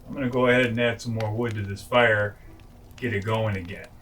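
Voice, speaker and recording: A man reading classic children's stories aloud at bedtime, gentle and homely, with chatty asides. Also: fairly low pitch, steady tone, a little fast, a little hiss or hum, rough recording. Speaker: storyteller. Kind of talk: bedtime story read-aloud.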